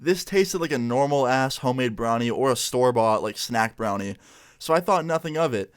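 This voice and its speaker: A man's voice: medium pitch, lively intonation, fairly quick, smooth. A young man casually telling a story in a laid-back, slangy way, full of "like" and "you know.". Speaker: vlogger.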